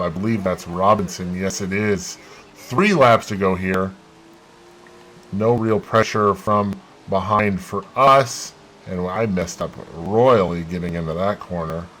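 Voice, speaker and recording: A man hosting a gaming channel, giving excitable play-by-play of his racing game and bursting into loud exclamations. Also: low voice, a little hiss or hum, low-quality recording.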